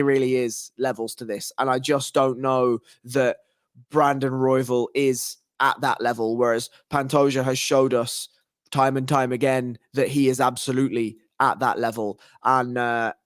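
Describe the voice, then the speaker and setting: Brief: man, mid pitch, emphatic casual pundit, dry close sound. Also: no echo. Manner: emphatic, repeats words for stress. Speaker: podcast co-host. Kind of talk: casual sports podcast chat.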